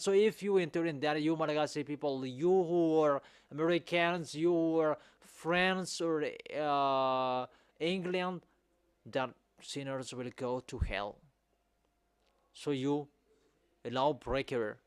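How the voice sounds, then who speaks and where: A man preaching a sermon in non-native English, repeating his points with emphasis and rising to loud exhortation. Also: on the high side, slow, smooth, no echo, clean studio sound.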